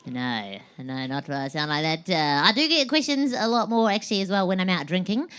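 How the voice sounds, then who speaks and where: A young woman with a New Zealand accent doing a stand-up comedy set on stage. Her voice is unusually high and buzzy, like a kazoo, and she talks in a chatty, self-deprecating way with frequent giggles. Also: measured pace, long pauses, fairly bright tone, some chatter behind.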